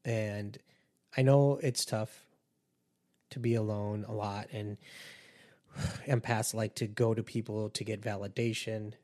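A man's voice: lowish voice, steady tone, slow pace, pauses often, dark tone. A man hosting a podcast, talking to listeners in an earnest, conversational way and warning them. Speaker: podcast host and empath coach. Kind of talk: casual podcast monologue.

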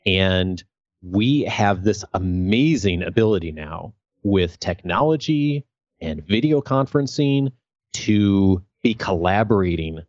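A man's voice: deep voice, expressive, takes it slowly, darkish tone, no echo. A man who coaches leaders, a guest in a podcast interview, speaking earnestly and thoughtfully. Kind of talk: casual interview. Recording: dull, dry sound.

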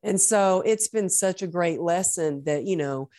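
Woman podcast host, very low voice, effusive, faith-tinged, dry close sound. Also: a little slow, dark tone, no echo. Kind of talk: conversational interview.

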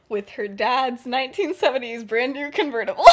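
A young woman casually retelling a story on a podcast, laughing often and filling her speech with "like". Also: on the high side. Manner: giggly, laughs through her sentences, heavy use of "like". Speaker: podcast co-host.

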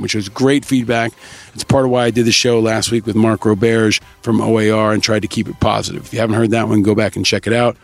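A man hosting a podcast, upbeat as he reads out shout-outs and thanks to listeners in a casual scripted way. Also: on the low side, creaky. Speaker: podcast host.

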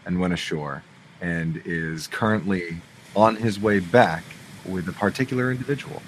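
A man's voice: low-pitched, moderate pace, slight background noise, rough recording. A man playing a tabletop game, casually describing what his character does. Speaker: player.

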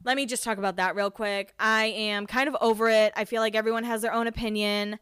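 A woman's voice: on the high side, steady tone, fairly quick, fairly bright tone, clean tone, no room sound, clean studio sound. Chatty, swearing woman in her twenties. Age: 20s. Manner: chatty and candid, swears freely, laughs often. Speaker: podcast host. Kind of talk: casual storytelling chat.

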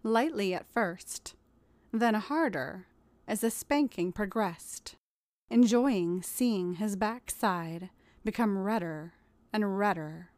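Slow, dry-voiced woman narrating a story. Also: medium pitch, darkish tone, no room sound.

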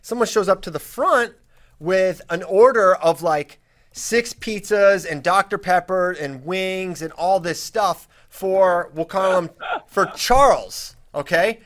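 Here the host's voice sits high and he takes things slowly. It's a casual podcast chat full of stories, delivered with lively energy and plenty of restarts.

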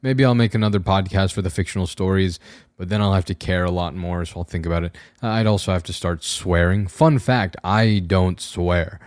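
A young man hosting his own podcast, talking casually in a slightly raspy voice, rambling in a wry, self-deprecating way with frequent restarts. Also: sits low, a little fast, a little mellow, no room sound, clean studio sound. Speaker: podcast host. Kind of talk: casual solo podcast monologue. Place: room at home with a camera on a tripod.

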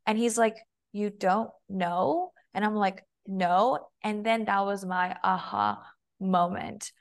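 A woman's voice: medium pitch, lively intonation, slow. A young woman talking casually as a podcast guest, chatty and full of "like", acting out her own and her partner's lines. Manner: chatty, heavy use of "like", quotes herself and her partner. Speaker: guest, femininity and body language coach.

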